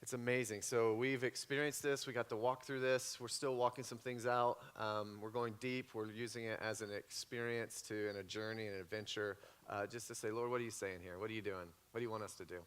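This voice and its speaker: A man's voice: lowish voice, steady tone, a little fast, hardly any pauses, a bit bright, clean tone. Joking, upbeat man pastor. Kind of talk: church Q&A talk. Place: church hall.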